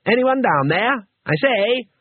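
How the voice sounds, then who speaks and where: A man narrating an audiobook, voicing a naive, polite male tourist in a high, anxious voice. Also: big pitch swings, normal speed, husky, no room sound, exaggerated voice. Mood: cheerful. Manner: high, bright, anxious and apologetic. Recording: tinny, dry, phone-like audio.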